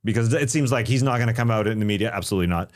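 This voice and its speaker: A man co-hosting a casual basketball talk show, relaxed and self-deprecating. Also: fairly low pitch, racing. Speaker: podcast co-host. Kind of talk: casual sports chat.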